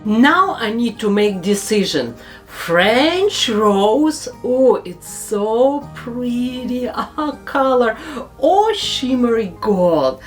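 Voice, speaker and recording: A woman narrating a makeup tutorial as a beauty vlogger, speaking slow, careful English with non-native phrasing. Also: fairly high pitch, expressive, faint music behind.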